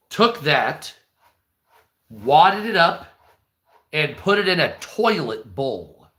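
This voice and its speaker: A man's voice: fairly high pitch, sharp tone. A man from the United States giving heated, profane, rambling commentary on a live news stream.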